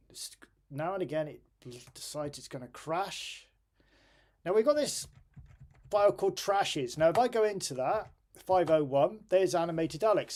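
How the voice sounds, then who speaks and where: A man's voice: a little high, a little mellow. A middle-aged man streaming live, who talks through his computer troubles, swears in frustration and laughs at himself. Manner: exasperated, self-deprecating, swears and laughs at himself. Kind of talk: live-stream chat while programming.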